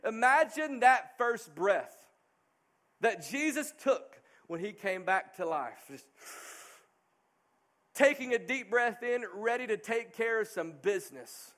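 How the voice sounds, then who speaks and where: A man's voice: high-pitched, lively intonation, takes it slowly, a bit bright. A middle-aged male pastor preaching a sermon, earnest and emphatic.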